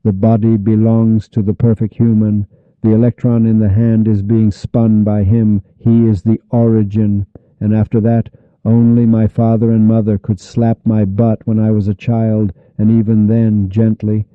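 A man's voice: lowish voice, little pitch movement, moderate pace, no room sound. A man preaching a heated monologue on Sufism, sarcastic and insulting, with sudden angry outbursts. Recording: dull, dry lo-fi recording.

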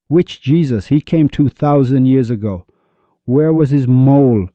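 A man giving a spiritual lecture on love, animated and full of rhetorical questions, acting out the voices of the people he quotes. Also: mid-range voice, unhurried, dry recording. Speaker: Sufi speaker. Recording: dull lo-fi recording.

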